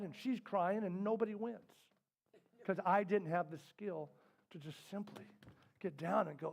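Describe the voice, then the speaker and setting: A middle-aged man teaching a parenting workshop, talking candidly to a live group. He tells stories, acts out the voices in them and drops to a soft, quiet tone for serious points. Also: high-pitched, gravelly. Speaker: parenting class instructor. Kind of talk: storytelling workshop talk. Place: indoor classroom with a live group.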